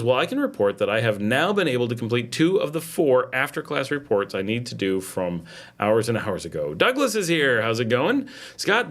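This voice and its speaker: A middle-aged man hosting a casual livestream, chatting and reading viewer comments aloud. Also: mid-range voice. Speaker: livestream host. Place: home in Nicaragua.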